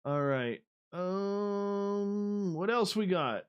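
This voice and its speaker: A man runs an online radio show, chatting casually with viewers as he reads their live comments and muttering to himself as he works, rambling and loose. His voice is on the low side, clear and resonant, animated yet a little slow, on a dry, lo-fi recording.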